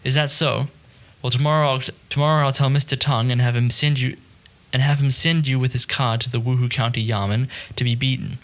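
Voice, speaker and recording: A man voicing a proud, sharp-tongued young male scholar in an audiobook, speaking in a cutting, haughty way. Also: mid-range voice, fairly even intonation, a little fast, few pauses, close to an everyday voice. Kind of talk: audiobook character reading.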